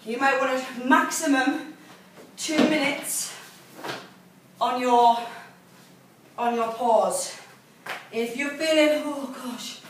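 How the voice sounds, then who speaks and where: High-voiced lady leading a workout, breathless, very echoey room, mic far off. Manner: encouraging, breathless cueing while exercising. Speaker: fitness instructor. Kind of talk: coaching a workout video. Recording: very echoey room, distant mic, faint noise.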